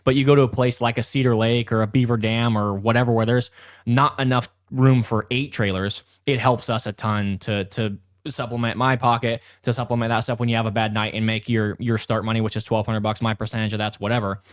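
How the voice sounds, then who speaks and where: A man's voice: medium pitch, fairly even intonation, a little fast, dry recording, studio quality. A man who races and hosts a podcast, laying out his points in a matter-of-fact way during casual chat. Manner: matter-of-fact, explains numbers plainly. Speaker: race car driver and podcast host.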